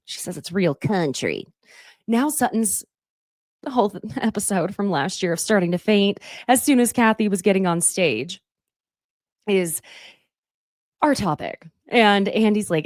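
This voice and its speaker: A woman's voice: medium pitch, no echo, clean studio sound. A woman chatting casually as she recaps a reality show, gushing and often laughing. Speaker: recap host.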